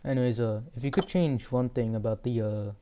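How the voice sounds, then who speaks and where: A teenage boy hosts a casual chat, asking loose, rambling questions packed with filler words. His voice is mellow and smooth at an ordinary pitch. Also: steady tone, fairly quick. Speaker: host. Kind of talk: casual interview.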